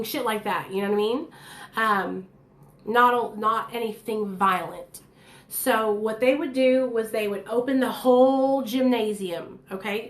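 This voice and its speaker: A woman with a fairly high voice talks straight to her viewers, blunt and candid in casual storytelling. The sound bounces around an echoey room. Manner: candid, blunt and chatty, addresses viewers directly. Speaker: vlogger telling her recovery story.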